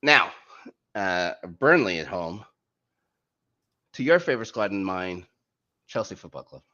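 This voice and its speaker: Lively male podcast host, low voice, casual jokey delivery, muffled recording. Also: measured pace. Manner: lively, jokey, reads out fixtures. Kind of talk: casual sports chat. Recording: muffled lo-fi audio.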